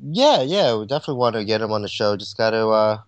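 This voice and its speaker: Man, podcast co-host, casual chat, excitable, laughing a lot, dry close sound. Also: fairly low pitch, quick pace, no echo. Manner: excitable, laughs often, animated storytelling.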